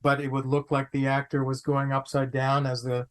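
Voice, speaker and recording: Animated man telling showbiz stories. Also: mid-range voice. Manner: animated, quick bursts, repeats phrases for comic effect. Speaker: actor guest. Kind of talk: anecdotal storytelling.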